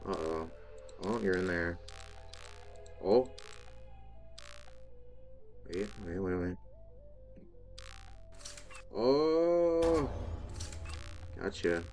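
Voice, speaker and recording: Low-voiced man reacting to a game. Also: a little mellow. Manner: talks to game characters, frequent startled exclamations. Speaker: gaming video host. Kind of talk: let's play commentary.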